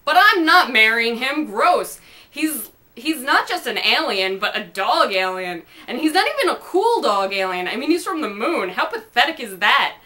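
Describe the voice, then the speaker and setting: A sassy, whiny young heroine, as a woman puts her on, complaining in a high, bright voice. A homemade storybook reading. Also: very animated, moderate pace. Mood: disgusted.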